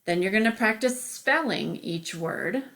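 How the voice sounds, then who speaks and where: Slow, patient woman teaching phonics. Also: mid-range voice, animated, fairly bright tone. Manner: patient, explains step by step, says okay often. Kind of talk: remote phonics lesson.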